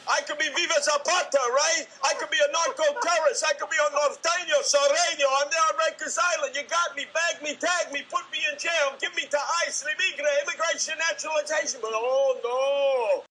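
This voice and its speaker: A man in an old TV clip putting on a Mexican accent, playing a brash, taunting tough who shouts his lines. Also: very high-pitched, steady tone, brisk, hardly any pauses, voice pushed up, poor audio. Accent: put-on Mexican.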